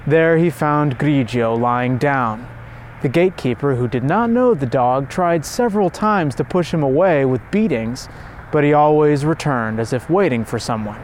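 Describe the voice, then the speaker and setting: Guy narrating a saint story, measured and reverent, kinda high voice, faint hum behind. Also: lively intonation. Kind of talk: scripted narration of a devotional story.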